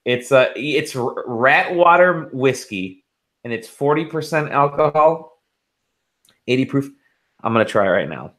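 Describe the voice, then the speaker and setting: A man's voice: medium pitch, animated, unhurried, fairly bright tone. A man co-hosting a casual podcast, rambling through stories with swearing and laughter. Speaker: podcast co-host.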